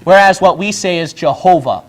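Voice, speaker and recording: A man from the Philippines lectures in a high, light voice. He argues his case step by step and keeps checking in with "okay?" after each point. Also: normal speed. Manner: argumentative, repeats points with "okay?". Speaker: religious video presenter. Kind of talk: lecture on a whiteboard.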